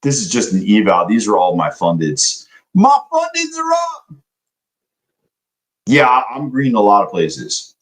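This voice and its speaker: A man's voice: low voice, expressive, moderate pace, fairly bright tone, low-quality recording. A young man day trading live, chatting loosely with his stream viewers and swearing now and then. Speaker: livestream day trader. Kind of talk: casual live-stream chat.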